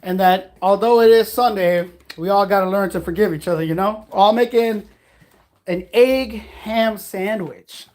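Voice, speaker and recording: Cooking at home in his kitchen, a man on a casual vlog talks a little fast with hardly any pauses, his high-pitched voice carrying a darkish tone. He gives a laid-back livestream pep talk full of blunt, profane, preachy advice about life.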